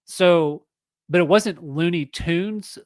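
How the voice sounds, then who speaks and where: Podcast host, male, 30s, slightly high voice, dead-dry booth sound, rambling asides. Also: slow, dry recording. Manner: chatty and self-correcting, reading aloud with asides. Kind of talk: solo podcast commentary.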